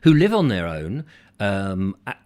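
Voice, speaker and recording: A man's voice: lowish voice, big pitch swings, measured pace, a little mellow. A middle-aged English man hosting a comic live chat show, rambling and acting out chatty shop exchanges. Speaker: host.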